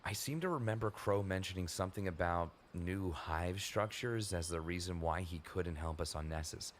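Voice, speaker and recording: A devoted male warrior, played by a man in a fan audio drama. He talks and narrates in a very low, calm voice. A clear ambient noise bed sits under him. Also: normal speed, natural voice. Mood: steady.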